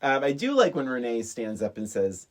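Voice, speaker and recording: A woman co-hosts a relaxed film podcast in an unusually deep voice. Her pitch still moves a lot as she talks. She hesitates often, tossing in fillers and easy agreement with her partner. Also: normal speed. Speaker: podcast co-host. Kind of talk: casual movie chat.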